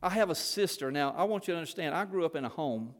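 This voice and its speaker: A man's voice: a little high, expressive, fast talker, long reverb tail. A man preaching a sermon, telling folksy stories as a former missionary. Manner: folksy storytelling, Southern phrasing. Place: church.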